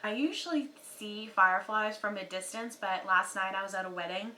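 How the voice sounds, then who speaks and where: A young Texan woman talks loosely to her viewers, leaning on "um" and "you know" as she goes. Her voice is bright and forward, with a drawl that comes through on words like y'all. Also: medium pitch, normal speed, a little hiss or hum, low-quality recording. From Texas. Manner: chatty, many fillers, says y'all. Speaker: beauty YouTuber. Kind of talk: casual chat to camera.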